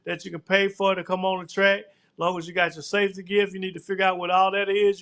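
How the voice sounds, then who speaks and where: High, bright host with a laid-back drawl. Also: male voice. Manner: casual, drawn-out, repeats "man" and "look here". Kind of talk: live show interview.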